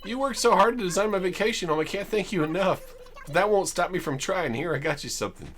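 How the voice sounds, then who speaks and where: Man putting on a sweet female villager stylist, high falsetto-ish, chirpy, gushing. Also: expressive, fast, a bit bright, a little hiss or hum. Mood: grateful. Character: grateful female villager hairstylist, sweet and chipper.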